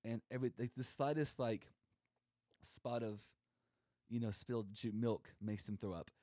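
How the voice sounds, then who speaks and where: A young man co-hosting a podcast, rambling through a comic story and slipping into quoted voices as he goes. His voice is mellow and warm, recorded dry and close. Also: medium pitch, moderate pace, no echo. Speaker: podcast co-host. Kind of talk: casual comedic monologue.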